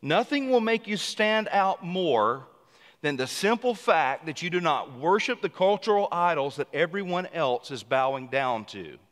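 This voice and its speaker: Pastor, man, preaching with animated loud bursts; slightly high voice, long church reverb. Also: unhurried. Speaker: senior pastor. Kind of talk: sermon. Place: church sanctuary.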